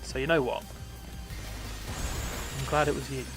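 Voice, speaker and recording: A man's voice: medium pitch, steady tone, unhurried, music in the background. A young man casually commentating his game live on stream, swearing often, mocking himself and laughing easily.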